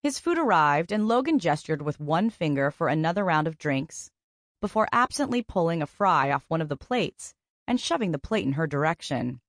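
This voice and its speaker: A woman narrating a contemporary romance audiobook in an even, measured storytelling manner. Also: deep voice, no room sound, clean studio sound. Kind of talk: scripted narration.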